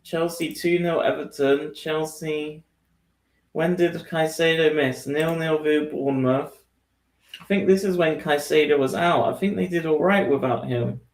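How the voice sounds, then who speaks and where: Gravelly man musing over team picks. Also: fairly high pitch, measured pace. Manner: musing, laughs often, trails off. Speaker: fantasy football podcast co-host. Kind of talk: casual chat. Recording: echoey room.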